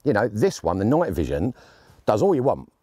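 Lively, mellow-voiced chatty man. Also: lowish voice, moderate pace, slightly rough, no room sound. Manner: chatty, jokey and enthusiastic. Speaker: airgun gear reviewer. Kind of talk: casual gear review. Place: outdoors on shooting land.

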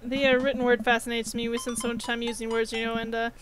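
A woman's voice: a little high, level tone, quick pace, over music, natural voice, low-quality recording. A woman voicing an awkward, easygoing young dad who rambles as he talks. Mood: fumbling.

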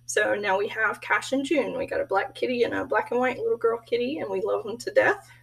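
Woman, student self-intro, chatty storyteller; higher voice with gravelly fry, heard from slightly off-mic. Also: a little fast, far from the mic, poor audio. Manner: chatty storytelling, laughs often. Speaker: graduate student introducing herself. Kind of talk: casual self-introduction video.

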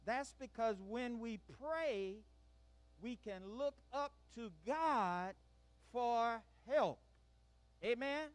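A woman's voice: a little high, animated, extremely slow, no echo. A woman leading children in church, coaxing them through call-and-response lines to repeat after her. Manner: coaxing, prompts the group to repeat. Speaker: children's worship leader.

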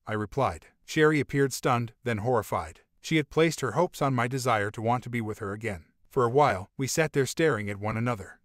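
A man narrating a first-person story of a betrayed husband. His reading is bitter and reproachful, in an average-pitched voice. The voice-over is close and dry, with no room sound. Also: fairly quick, hardly any pauses, no echo.

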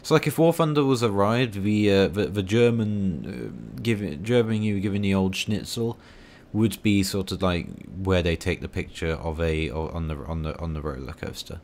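A man's voice: sits low, normal speed, few pauses, darkish tone, slight background noise. A man giving rambling, self-mocking commentary while playing a tank game, full of dry asides. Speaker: gaming video creator.

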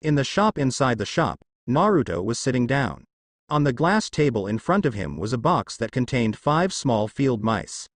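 A man reading fan fiction aloud in a steady voice. His pitch moves up and down with lively variation. The recording is dry and close. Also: moderate pace, dry recording. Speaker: narrator.

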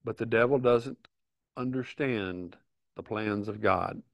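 A middle-aged man earnestly teaching a Bible study, reading verses aloud and pausing to stress them. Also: fairly low pitch, gravelly, no room sound, muffled recording. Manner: earnest, emphatic, reads scripture aloud with pauses.

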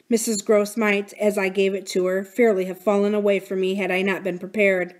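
A woman reading a novel aloud for a library series, with measured, deliberate narration. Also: medium pitch, flat delivery. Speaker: library reader.

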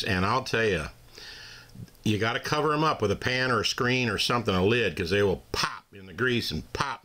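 A man's voice: lowish voice, fairly bright tone. A man hosting a casual how-to demonstration, talking in a folksy, down-home way while he works. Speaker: host demonstrating fish cleaning.

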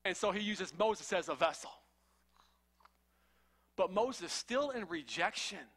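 A man's voice: sits high, expressive, unhurried, fairly bright tone. A man preaching a sermon in a fervent, conversational way with slangy asides.

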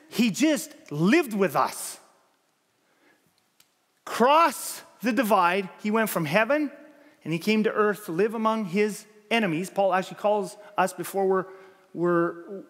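A man's voice: sits high, fairly bright tone, big-room sound. A man preaching a sermon as pastor, earnest and emphatic, building points through repeated phrases. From Canada. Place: church sanctuary.

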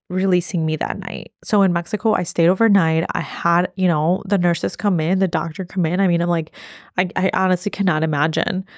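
A woman's voice: fairly low pitch, no echo, clean studio sound. A young woman telling a personal story to camera in a candid, chatty way, full of fillers and sometimes emotional. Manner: candid, chatty, lots of fillers, tearful at times. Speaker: vlogger.

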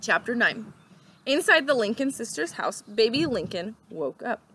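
A teacher reading a children's book aloud with expressive, steady storytelling. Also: female voice, on the high side, moderate pace, a little hiss or hum.

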